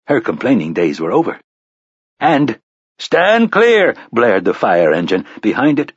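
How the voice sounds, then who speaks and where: Husky male audiobook narrator. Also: fairly low pitch, darkish tone, dry recording, lo-fi sound. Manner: dramatic storytelling, varied emphasis. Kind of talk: scripted narration.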